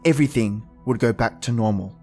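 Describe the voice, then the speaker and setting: A man's voice: mid-range voice, fairly quick, mellow, faint music behind. A man narrating a first-person horror story in a somber, emotional manner.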